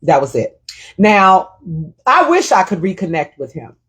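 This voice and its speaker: A woman's voice: mid-range voice, very animated, unhurried, a bit bright, husky. A middle-aged woman hosting her own show, telling a personal story in a reflective, emotional way and repeating her phrases. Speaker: show host.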